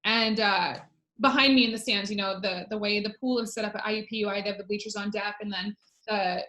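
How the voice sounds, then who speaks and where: A woman's voice: medium pitch, fairly even intonation, a little fast, bright, forceful tone, reverberant. A woman in her thirties, a former Olympic swimmer, telling a personal story on a webinar in a chatty way with many fillers. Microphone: video call.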